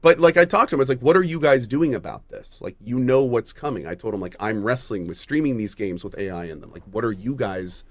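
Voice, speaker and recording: A man hosting a gaming news chat, rambling through his thoughts with frequent restarts and a bit of swearing. His mid-pitched voice is recorded dry and close to the mic. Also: expressive, fast, hardly any pauses, dry recording. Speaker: podcast host. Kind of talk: casual gaming news discussion.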